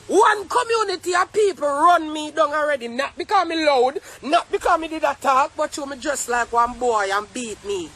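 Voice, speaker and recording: A young Jamaican woman with a Jamaican accent, ranting defiantly to camera in a heated, profane monologue and often breaking into shouts. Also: high voice, a little hiss or hum, rough recording. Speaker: vlogger. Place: inside a car.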